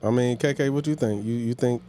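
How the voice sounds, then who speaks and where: A man's voice: medium pitch, fairly quick, mellow, a little hiss or hum. A man hosting a casual podcast conversation, speaking in a laid-back, slangy way. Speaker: podcast host.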